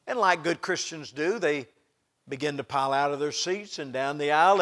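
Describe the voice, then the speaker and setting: Preacher guy in church, high bright voice, goes quiet then booms. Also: moderate pace. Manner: swings from hushed to loud, emphatic. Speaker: pastor. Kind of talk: storytelling sermon.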